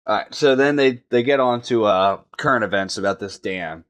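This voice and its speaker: A man's voice: fairly low pitch, normal speed, smooth. A man co-hosting a podcast, casually retelling a book's plot with a joking manner. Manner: relaxed retelling of the story, jokey. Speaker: podcast co-host. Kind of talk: casual book discussion.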